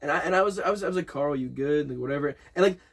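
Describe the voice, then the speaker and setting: A young man tells a story at a rapid clip in a fairly high, husky voice. He rambles, swears freely, restarts his sentences and acts out what others said. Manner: rambling, profane, animated, with restarts and quoted dialogue. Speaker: storyteller in a podcast chat. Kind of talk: casual chat, recapping a party story.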